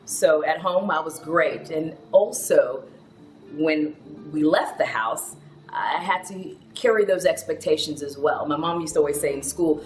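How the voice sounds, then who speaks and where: A chatty, animated woman, a TV news anchor, telling her personal story and laughing often. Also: on the low side, moderate pace, reverberant, soft background music, poor audio. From Houston, Texas, with Ghanaian roots.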